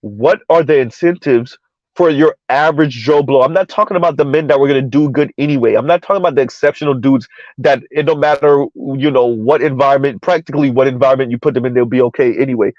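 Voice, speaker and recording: Speaking quickly in a mid-range, darkish voice, a podcast host debates casually and with emphasis, throwing out rhetorical questions and saying things more than once. The recording has no echo and the highs are cut off.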